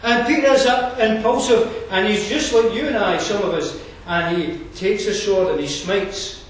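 A man with a Scottish accent preaching a sermon, conversational and digressive, often pausing with fillers and restarting his sentences. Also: sits high. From Scotland. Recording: echoey room from far off, faint ambience.

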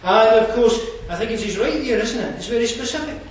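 High-voiced preacher in an echoing hall. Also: male voice, animated, brisk. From Scotland. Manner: earnest, conversational preaching with fillers and asides. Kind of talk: sermon. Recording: roomy distant hall mic.

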